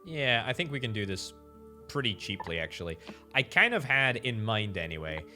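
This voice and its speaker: Lively, bright-voiced man playing a game. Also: fairly low pitch, moderate pace, faint music behind. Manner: chatty, musing aloud, repeats words for emphasis. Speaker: game streamer. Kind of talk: gameplay commentary.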